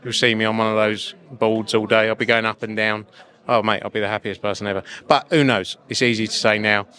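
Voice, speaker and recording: Easygoing low-voiced man in his thirties. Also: fairly quick. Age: 30s. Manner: easygoing, relaxed, self-deprecating. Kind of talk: casual interview chat.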